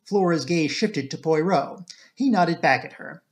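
A man narrating a classic mystery as an audiobook reader, in a measured, even reading voice. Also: a little high.

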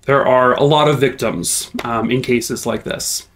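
A young man recounts a true crime case in a loose, conversational way, full of ums and likes. His voice sits at an ordinary middle pitch. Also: steady tone, measured pace, a bit bright, a little hiss or hum. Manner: chatty, with filler words, turns high-pitched and playful in the sign-off. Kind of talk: casual YouTube true crime outro.

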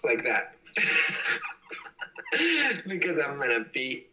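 A young man rambles through a casual home livestream, giggling often as he reads comments. His voice is bright and bounces around a lot in pitch. He sounds like he is set back from the device mic. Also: huge pitch swings, extremely slow, distant mic, low-quality recording. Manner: giggly, rambling, frequent laughs. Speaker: livestream host.

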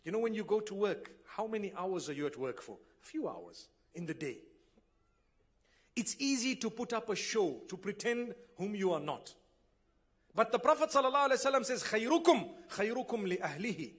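A man preaching a sermon to a gathering, earnest and full of rhetorical questions, rising to loud exclamations. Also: high voice. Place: gathering hall.

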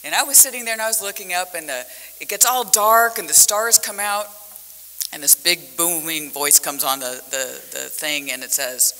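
Woman panelist, conference talk, bright voice, lively storyteller. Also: on the low side, moderate pace. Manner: animated storytelling with vivid metaphors. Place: conference hall. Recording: echoey conference hall.

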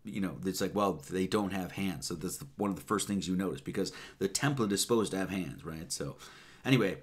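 A man's voice: low voice, fairly quick. A man giving a loose, rambling sermon, counting numbers aloud with many fillers and casual asides. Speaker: preacher.

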